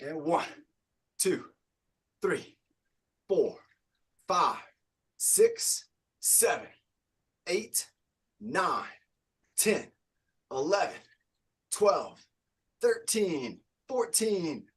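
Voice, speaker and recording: A man's voice: on the high side, sing-song, extremely slow, pauses often, fairly bright tone, husky. A male fitness coach leading a live online group workout, upbeat and encouraging as he counts reps aloud.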